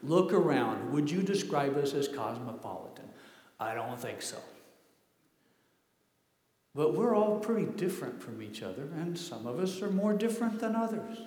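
A man preaching a sermon in a church, earnest and emphatic, stressing slow phrases. He is from the Midwest. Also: on the high side, very animated, a little mellow. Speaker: pastor. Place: church sanctuary. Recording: echoey hall reverb.

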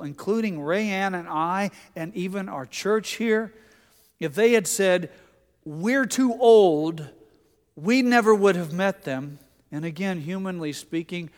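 Man preaching a sermon in a reverberant hall. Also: on the high side. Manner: storytelling, quoting others in a softer voice. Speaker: pastor. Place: church sanctuary. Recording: long hall reverb from the church.

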